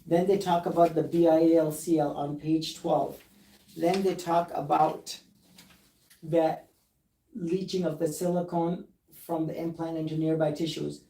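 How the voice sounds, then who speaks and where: A man's voice: fairly high pitch, level tone, measured pace, mellow, echoey room, distant mic, rough recording. A man who is a plastic surgeon, speaking earnestly and emphatically and reading documents aloud during a recorded live discussion.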